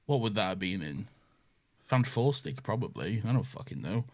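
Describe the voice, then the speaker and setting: A man's voice: lowish voice, expressive, moderate pace, vocal fry. A man co-hosting a casual film chat, blunt and teasing and swearing freely. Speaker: podcast co-host.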